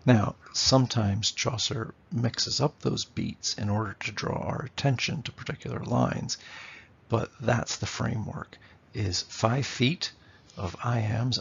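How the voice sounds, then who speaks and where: Gravelly, husky male literature teacher. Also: medium pitch, steady tone, moderate pace, highs cut off. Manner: explanatory, checks in with "okay?", taps out rhythms aloud. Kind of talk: classroom lecture.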